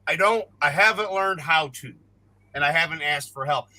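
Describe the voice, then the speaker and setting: A male host talks in a rambling, joking way, often correcting himself mid-sentence. His voice is strikingly bright and a little high. The talk is loose and casual. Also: normal speed, no room sound. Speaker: show host. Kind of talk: casual online chat show.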